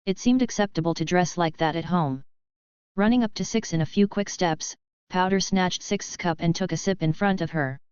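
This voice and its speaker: Clear, low-pitched woman reading a story. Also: moderate pace, darkish tone, no echo, lo-fi sound. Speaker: audiobook narrator. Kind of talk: scripted narration.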